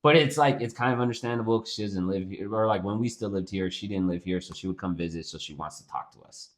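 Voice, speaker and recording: A man's voice: low-pitched, fast talker. A young man co-hosting a podcast, ranting in casual chat with lots of swearing. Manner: animated, profane ranting. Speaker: podcast co-host.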